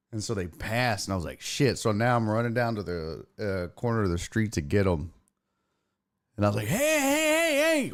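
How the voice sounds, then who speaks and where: A middle-aged man hosting a sports talk show, telling a story in a casual, rambling way, cursing and exasperated. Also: fairly low pitch. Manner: profane, exasperated, animated.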